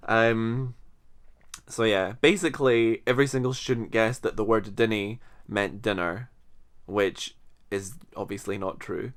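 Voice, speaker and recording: A man's voice: mid-range voice, steady tone, a little slow, clean tone. A man in his twenties with a mild Scottish accent, chatting unscripted to camera about his teaching, rambling and self-deprecating. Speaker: English teacher. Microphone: camera in front of him.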